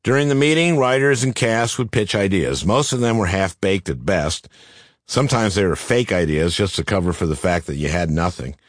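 An older man reading his own memoir aloud in a dry, deadpan comic manner. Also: low voice, moderate pace, no echo. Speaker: author narrating his memoir. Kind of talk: scripted memoir narration.

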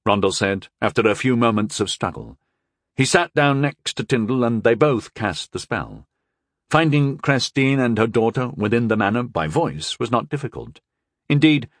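Expressive male audiobook narrator. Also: fairly low pitch, normal speed, dry recording, clean studio sound. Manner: expressive storytelling. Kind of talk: scripted fantasy narration.

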